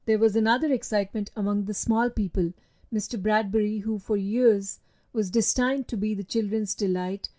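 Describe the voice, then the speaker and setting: A woman narrating a storybook in a measured, steady reading voice. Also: mid-range voice. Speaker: audiobook narrator. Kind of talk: audiobook reading.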